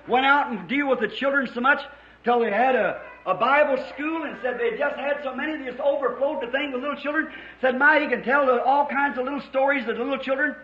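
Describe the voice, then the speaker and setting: A middle-aged man preaching a fervent, folksy revival sermon to a church congregation, his voice rising to shouts. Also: extremely high pitch. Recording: muffled 1950s tape recording.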